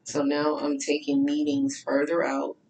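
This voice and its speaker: Texas woman life coach, worn out, candid and chatty; gravelly voice, roomy echo. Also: low-pitched, completely flat delivery, a little slow, a little mellow. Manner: candid, chatty, preachy asides. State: tired, voice cracking. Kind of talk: casual talk to followers.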